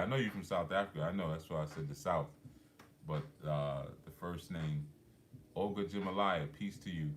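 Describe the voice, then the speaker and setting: A man's voice: sits low, slight background noise. A man hosting a live stream, chatting casually and reading out viewer comments in a laid-back way. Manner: laid-back, chatty, many fillers, laughs often.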